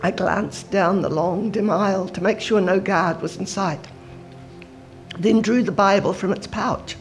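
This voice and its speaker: A woman in church reading aloud from a book in a steady, expressive manner. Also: medium pitch, measured pace, soft background music. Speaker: scripture reader.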